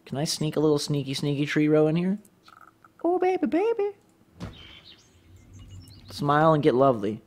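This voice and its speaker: A man's voice: a little high, steady tone, quick pace, hardly any pauses. Man rambling over gameplay. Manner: rambling, thinking aloud, self-doubting; talks to the viewers. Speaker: let's play commentator. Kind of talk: casual gameplay commentary.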